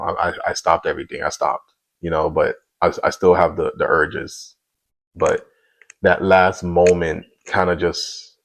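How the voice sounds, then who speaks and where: A man in his thirties tells his own story of faith and struggle in a candid, confessional way. His voice sits low and carries a rough, gravelly fry. He talks earnestly and keeps reaching for the listener with "you know" asides. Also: rough recording. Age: 30s. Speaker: vlogger sharing a personal faith testimony. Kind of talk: candid personal testimony.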